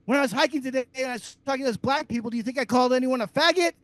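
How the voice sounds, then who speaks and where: High-voiced dude yelling sarcastic profane rants on a comedy podcast. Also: male voice, very fast, no echo. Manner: loud, abrasive, sarcastic. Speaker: podcast co-host.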